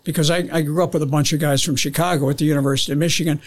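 This older man talks in a slightly high voice, narrating his memories with lots of restarts. He slips into the voices of people on the radio as he tells them. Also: fast talker, hardly any pauses. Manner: animated storyteller, acts out radio calls, frequent restarts. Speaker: guest, veteran pilot. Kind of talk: casual storytelling interview.

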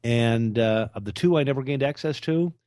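A man telling business stories in an interview, acting out the people he quotes with animated emphasis. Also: medium pitch, normal speed, no room sound, studio quality. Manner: animated storyteller, acts out quoted voices. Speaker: author and podcast co-host. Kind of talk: storytelling interview talk.

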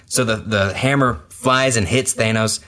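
A man with a bright, tense voice recounts a scene in a casual chat. He acts out his own reactions as he goes. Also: lowish voice, unhurried. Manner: animated storytelling, acts out reactions.

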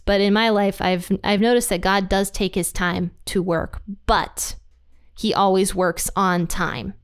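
A woman's voice: mid-range voice, clear, resonant tone. A woman giving a casual, conversational Bible study talk as the host of her channel, mixing scripture with personal stories. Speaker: Bible teacher.

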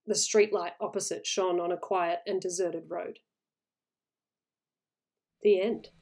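A woman reading a horror short story aloud in a measured, suspenseful way. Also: lowish voice, fairly even intonation, darkish tone.

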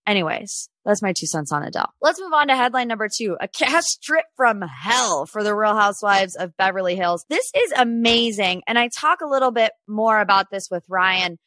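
A woman's voice: medium pitch, animated, normal speed, hardly any pauses, pushed and bright, dry recording. A woman in her twenties hosting a pop culture podcast, chatty and opinionated as she talks through celebrity news. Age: 20s. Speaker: podcast host. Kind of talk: casual pop culture chat.

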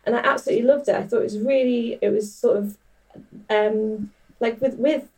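A woman hosting a podcast, chatting warmly about food with lots of fillers. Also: on the high side, fairly even intonation, fairly quick, recorded from a distance, low-quality recording. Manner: chatty, enthusiastic, many fillers. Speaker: podcast host. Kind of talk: casual food chat.

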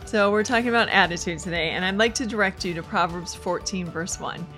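A woman's voice: fairly low pitch, fairly quick, over music. A woman hosting a Christian devotional podcast, talking in an upbeat, chatty way as she tells everyday stories. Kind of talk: conversational devotional talk.

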